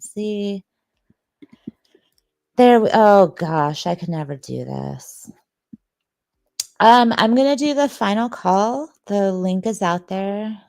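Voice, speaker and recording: A woman's voice: lowish voice, creaky, a little mellow, dry recording. A sleepy woman, hosting a livestream and chatting casually with viewers, rambling and joking. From Detroit, Michigan, USA. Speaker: livestream host.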